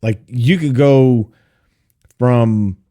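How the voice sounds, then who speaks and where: A man co-hosting a podcast in casual chat, rambling with many fillers and pauses. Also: medium pitch, mellow. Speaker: podcast co-host.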